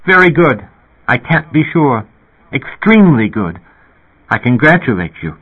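A calm, cryptic young girl, as a man reads her part. She teases in slow, rising lines, and the voice sounds husky. The audio is thin and tinny, like a phone line. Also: medium pitch, voice pushed up.

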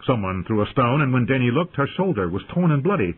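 A man reading a fantasy audiobook in a dramatic, lively narrating style over tinny phone-like audio. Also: mid-range voice, fast talker, slightly rough.

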